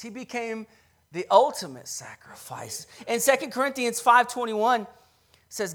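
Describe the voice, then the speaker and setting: Passionate male preacher, loud to hushed. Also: sing-song, unhurried. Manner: passionate, swings from loud emphatic peaks to hushed lows; storytelling, retells scripture scenes conversationally. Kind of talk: sermon.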